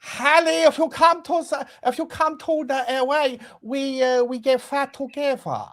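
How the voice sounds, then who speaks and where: A man's voice: extremely high pitch, normal speed. A man playing a homesick, chubby male star striker who speaks with a put-on Italian accent and begs to be reunited with his old partner. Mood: giddy. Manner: pleading, shouty and clingy. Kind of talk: comedy impression sketch.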